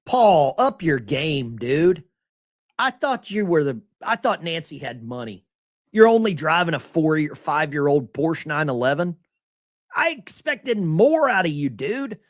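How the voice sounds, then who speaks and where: Mocking live-stream host, lively pitch. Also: male voice, no echo, studio quality. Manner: mocking, talks to the chat. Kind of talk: casual live-stream commentary.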